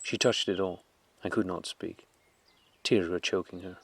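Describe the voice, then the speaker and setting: Man, audiobook narrator, lowish voice, calm, measured reading. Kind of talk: audiobook narration of a classic novel.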